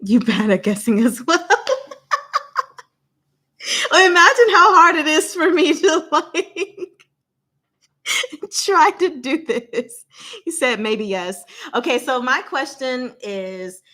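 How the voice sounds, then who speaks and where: A young woman hosting a casual livestream, chatting with viewers, speaking slowly and deliberately and laughing often. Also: sits high, lively intonation, pushed and bright. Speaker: channel host.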